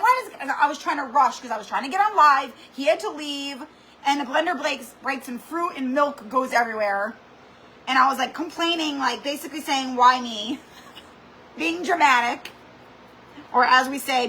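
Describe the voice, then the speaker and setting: High, bright-voiced woman telling stories. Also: a little hiss or hum, rough recording. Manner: animated, dramatic storytelling with lots of "like". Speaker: craft livestream host. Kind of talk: chatty livestream storytelling. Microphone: computer or camera mic for a live stream.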